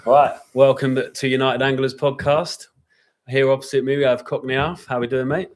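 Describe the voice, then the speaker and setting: A man's voice: mid-range voice, steady tone, normal speed. A man hosting a podcast, chatting in a jokey, matey way. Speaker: podcast host. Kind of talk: casual chat.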